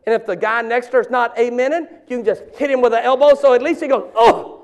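Man, 50s, very high-pitched, animated preacher who shouts for emphasis. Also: fast. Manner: animated, shouting bursts and joking asides. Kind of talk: sermon.

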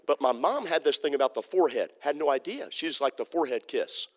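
A man's voice: a little high, animated, fairly quick. A male pastor preaching a sermon in an emphatic, repetitive way, often checking in with the congregation. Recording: long hall reverb.

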